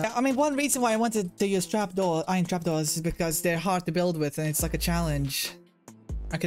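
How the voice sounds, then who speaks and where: A man giving playful commentary while he plays, thinking aloud, getting excited and making silly sound effects. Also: sits high, moderate pace, soft background music. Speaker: Minecraft video creator.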